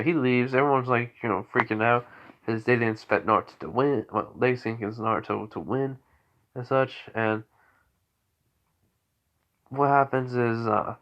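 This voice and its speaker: A man's voice: mid-range voice, measured pace, pauses often, muffled recording. A tired man casually telling an unscripted fan story, rambling and correcting himself with many fillers. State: tired, yawning.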